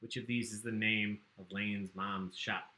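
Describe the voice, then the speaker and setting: A man's voice: lowish voice, level tone, measured pace, pushed and bright, reverberant. A man hosting a livestreamed trivia game, chatty and joking as he reads out the questions. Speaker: trivia host.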